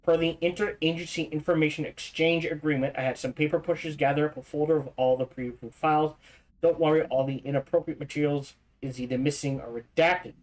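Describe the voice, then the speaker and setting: A man livestreaming a game, reading in-game documents aloud quickly, stumbling over words and restarting, with casual asides in between. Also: on the high side, steady tone, rough recording. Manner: reads fast, stumbles and restarts, adds asides. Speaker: streamer.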